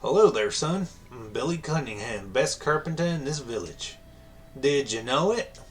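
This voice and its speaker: A man's voice: mid-range voice, animated, moderate pace, faint music behind, voice pushed up, lightly acted. A man doing a drawling Southern villager. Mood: folksy. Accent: put-on American Southern. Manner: drawling, folksy. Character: folksy gossiping village man.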